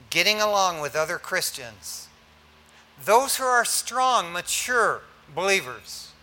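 An older man, a pastor, preaching a sermon in a lively, joking way to his congregation. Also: high-pitched.

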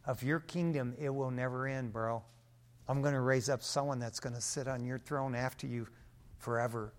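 A man's voice: medium pitch, fairly even intonation, normal speed, pitched below the performer's own voice, close to an everyday voice. A man voicing God as a casual, slangy buddy who speaks in a matter-of-fact way. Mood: reassuring. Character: God as a laid-back buddy, male.

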